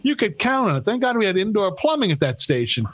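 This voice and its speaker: Animated, cursing male podcast co-host. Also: high voice, fast talker. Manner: animated, profane, stumbling restarts. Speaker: podcast co-host, former radio broadcaster. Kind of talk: casual chat.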